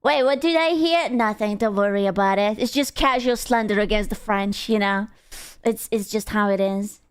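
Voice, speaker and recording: A woman's voice: medium pitch, moderate pace, smooth. A woman streamer chatting casually with her viewers, playful, swearing freely and laughing often.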